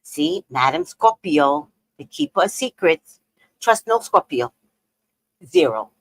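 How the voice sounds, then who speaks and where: A woman hosting a casual live stream, chatting with her viewers and telling stories. Her voice sits a little high and moves all over, from loud outbursts to hushed asides. She takes her time, and the sound is dry and close. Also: takes it slowly, gravelly, dry recording, low-quality recording. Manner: animated storyteller, laughs often, swings between loud and hushed.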